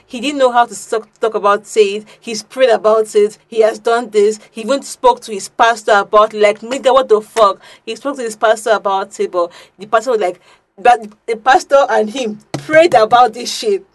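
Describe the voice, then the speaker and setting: A young woman, co-hosting a podcast and telling a story in casual chat, animated, swearing and restarting her sentences often. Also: fairly high pitch, moderate pace. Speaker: podcast co-host.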